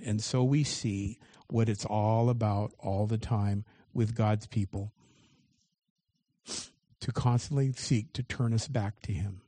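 A man's voice: fairly low pitch, fairly even intonation, slow pace, mellow, dry recording. A man preaching a sermon as pastor, reading scripture aloud and commenting on it with shifting emphasis.

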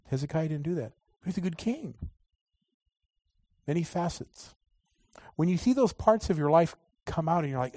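A man's voice: medium pitch, no echo. Dynamic male preacher, dry sound. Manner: dynamic preaching, swings between loud emphasis and quiet asides. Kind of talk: sermon.

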